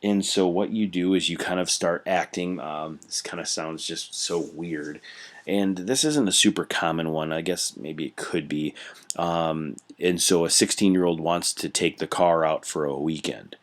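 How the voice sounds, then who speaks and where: A man with an extremely deep voice teaches a recorded class, walking through his notes on a computer mic. He keeps it conversational, with everyday examples and plenty of small fillers. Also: measured pace. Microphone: computer mic while scrolling through notes.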